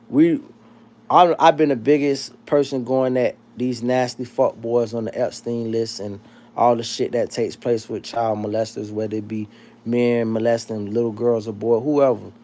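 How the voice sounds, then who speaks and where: Man, livestream host, casual chat, profane, animated, rambling, medium pitch. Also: moderate pace. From South Florida.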